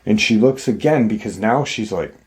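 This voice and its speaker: A man's voice: fairly low pitch, lively intonation, moderate pace. A man hosting a show, retelling a story in a casual, rambling way full of "you know" fillers. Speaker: host.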